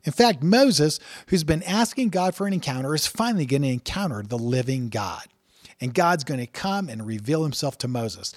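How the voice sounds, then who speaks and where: Earnest guy teaching from the bible, kinda high voice, dry close mic, no room sound. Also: animated, moderate pace, no room sound. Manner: earnest, reads scripture aloud with emphatic rises. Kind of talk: scripture teaching.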